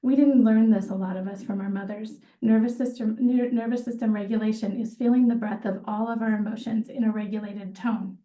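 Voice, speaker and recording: A woman trauma therapist speaking on a video call, gently guiding a slow breathing meditation with pauses. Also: a little high, fairly even intonation. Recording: echoey room, far from the mic.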